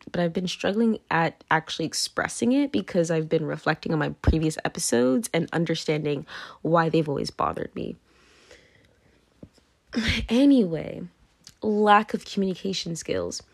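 Her voice fairly low, gravelly, and animated at a normal speed, a tipsy, drunk woman rambles casually through a monologue on the podcast she hosts. She breaks off with "anyway, moving on," laughing and sinking into whispers.

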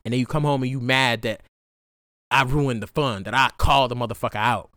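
A young man hosting a podcast, talking through a raw, profane solo monologue that swings from hushed to loud outbursts. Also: mid-range voice, fairly even intonation, brisk, dry recording, clean studio sound. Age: young adult. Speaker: podcast host.

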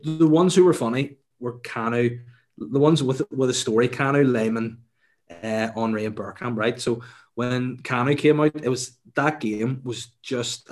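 A young man, telling a funny story in casual chat, animated and laughing, swearing freely. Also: mid-range voice.

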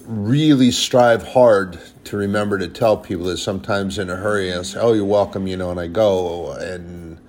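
Guy preaching casual sermon, lowish voice, earnest and kinda scolding, faint hiss behind. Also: gravelly. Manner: earnest, plain-spoken, scolding at times. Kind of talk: informal sermon.

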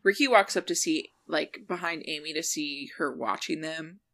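A woman co-hosting a podcast, casually recapping a TV episode, quickly retelling scenes and quoting the characters' lines, laughing often. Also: sits low, fairly bright tone. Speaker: podcast co-host.

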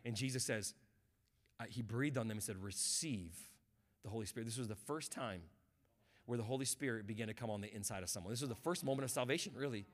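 A mid-range male voice at a quick pace preaches as guest pastor. What begins as quiet reflection escalates into shouted fervor, and he calls for a response from the congregation.

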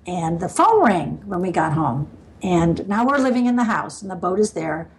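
A woman's voice: on the low side, big pitch swings, normal speed, rough recording. An older woman from the US Midwest, a podcast guest telling stories in a loose, rambling way, with frequent laughs and fillers. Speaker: guest sailor. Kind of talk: storytelling in a casual interview.

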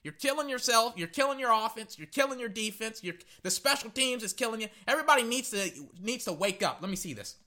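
Brief: man, fan commentator, high lively voice, sharp bright tone, rambling live game reactions. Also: fast, few pauses. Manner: excitable, rambling, repeats words.

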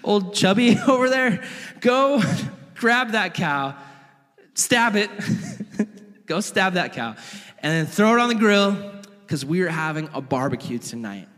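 A man voicing an overjoyed father who welcomes his son home, speaking high and breathless with joy, in a hall with long reverb. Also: expressive, a little slow, pauses often, fairly bright tone. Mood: excited.

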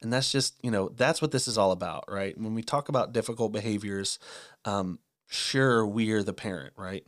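A man's voice: on the low side, moderate pace, no room sound, clean studio sound. A man in his thirties co-hosting a casual parenting podcast, candid and earnest, laughing at his own shortcomings. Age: 30s. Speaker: podcast co-host.

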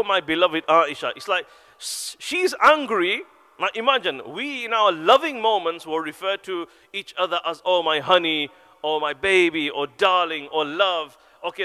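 A man giving an animated sermon in a mosque, telling stories and acting out quoted voices. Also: a little high. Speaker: preacher.

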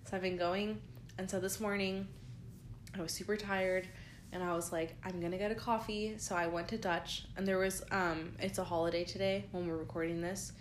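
A woman's voice: lowish voice, little pitch movement, normal speed, slight background noise. A young woman co-hosting a podcast, telling stories in a casual, chatty way full of fillers, sounding tired. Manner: chatty storytelling with many likes and ums. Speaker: podcast co-host. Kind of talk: casual chat. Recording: roomy echo.

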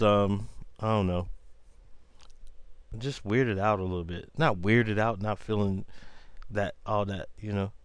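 A man's voice: fairly low pitch, fairly bright tone, no room sound. A man hosting his own podcast in casual, rambling chat, joking around and doing hype-style show intros. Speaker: podcast host.

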